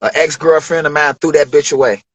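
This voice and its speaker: A man in his forties from Detroit, a rapper telling studio stories in a loose, profane, animated way during an interview. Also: a little high, a little fast, poor audio. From Detroit, USA. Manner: profane, animated storytelling with acted quotes. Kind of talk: casual storytelling interview.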